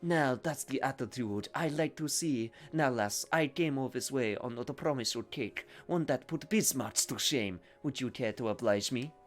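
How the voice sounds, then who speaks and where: A man's voice: medium pitch, moderate pace, hardly any pauses, soft background music, lightly acted. A man voicing a boisterous sea-faring guildmaster cook in a game, boastful and hearty, with a failed French accent.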